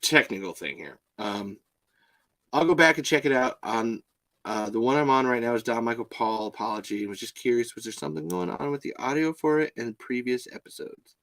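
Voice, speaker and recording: A man's voice: medium pitch, a little fast, vocal fry, no room sound, rough recording. A man hosting a casual live podcast from a home mic, rambling and swearing freely. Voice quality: profane, rambling, animated. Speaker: podcast host.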